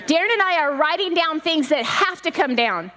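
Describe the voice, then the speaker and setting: A middle-aged woman preaching a sermon in a conversational, animated way with laughing asides. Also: high voice, normal speed. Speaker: pastor's wife preaching.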